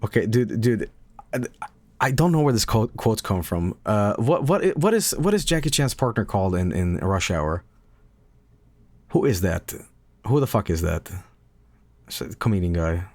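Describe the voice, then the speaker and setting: A man's voice: on the low side, normal speed, pauses often, no echo. Guy streamer rambling late at night, cursing, tripping over words, very dry mic. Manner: animated, swears often, stumbling restarts, frequent laughter. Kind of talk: casual late-night chat.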